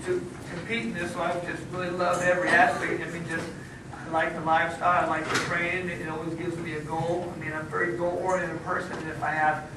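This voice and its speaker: A man who is a guest speaker at a school, answering students' questions in a plain, rambling, earnest way. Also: a little high. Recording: echoey room from far off, noisy.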